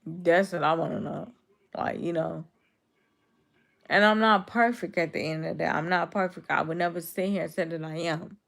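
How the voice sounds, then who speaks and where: A woman in her twenties from Chicago, with the accent to match, talks informally on stream while reading and answering her chat's comments. Her voice is naturally low and rough enough that viewers think she has a cold, and she speaks at normal speed with fairly even intonation.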